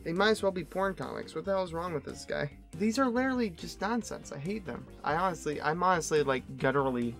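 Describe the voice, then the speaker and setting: A man's voice: fairly high pitch, lively intonation, fast, gravelly, hardly any pauses, fairly bright tone, soft background music. A man giving sarcastic, rambling comedic commentary on a webcomic, breaking into silly voices. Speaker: webcomic reviewer.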